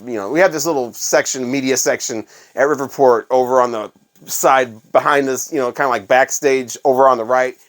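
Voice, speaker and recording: A man's voice: medium pitch, fast talker. A middle-aged man casually telling rambling, profane concert stories as host of his own channel. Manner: rambling, profane, animated anecdotes with restarts. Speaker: vinyl collector channel host. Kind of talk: casual storytelling monologue.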